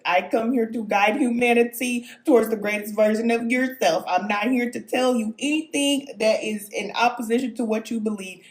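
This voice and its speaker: Woman, spiritual live stream, emphatic and preachy, keeps asking okay, mid-pitched, roomy echo. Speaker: self-described spirit guide. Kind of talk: live-streamed spiritual talk answering viewer comments.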